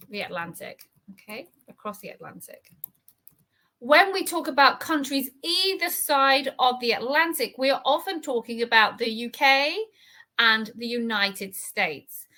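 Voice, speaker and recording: A woman English teacher explaining vocabulary and grammar from an article, patient and clear, often checking in with "okay?". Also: high voice, pushed and bright. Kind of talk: reading lesson explanation.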